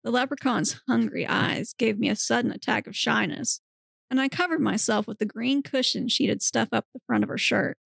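A woman's voice: fairly high pitch, normal speed, vocal fry, a bit bright, breathy edge, no room sound, studio quality. A woman podcast host narrating a story aloud in a comedic reading, straight-faced with occasional giggles. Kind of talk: comedic reading of erotic fiction.

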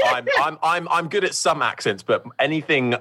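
Lively, bright-voiced male co-host. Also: a little high, moderate pace. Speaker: podcast co-host. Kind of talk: casual chat.

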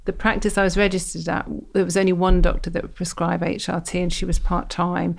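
A middle-aged British woman, a doctor, telling a personal story as a podcast guest in a lively, expressive way. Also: creaky. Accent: British English. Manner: lively, expressive, quick pitch jumps.

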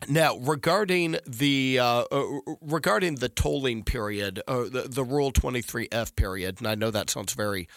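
A man's voice: medium pitch, moderate pace, few pauses, a bit bright, dry recording. A middle-aged man giving discursive, emphatic legal analysis in conversation, often restarting his sentences. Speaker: legal commentator.

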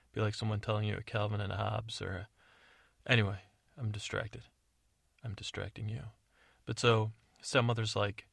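Man, sleep podcast host, rambling bedtime story, gravelly, dry close sound. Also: flat delivery, normal speed, a bit bright, dry recording. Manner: meandering, digressive, low-key.

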